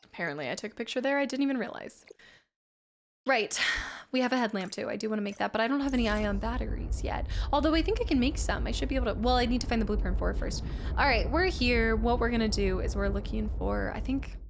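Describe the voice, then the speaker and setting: A woman streaming a video game and chatting casually, excitable and thinking aloud as she plays. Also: on the high side, fast talker, a little hiss or hum. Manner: excitable, thinks aloud, frequent gasps and laughs. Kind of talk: casual gameplay commentary.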